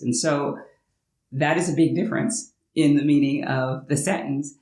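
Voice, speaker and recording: A woman's voice: deep voice, normal speed, darkish tone. Chatty American woman in an echoey room. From United States. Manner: chatty and explanatory, with playful reenacted asides. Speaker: language-learning vlogger. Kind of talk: casual talking-head vlog. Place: her home in France.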